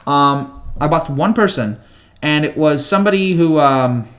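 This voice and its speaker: The speaker's voice is a little high and expressive, at a measured pace. He's a twenty-something livestream host reading viewer comments in a casual, rambling chat peppered with fillers and stammering restarts.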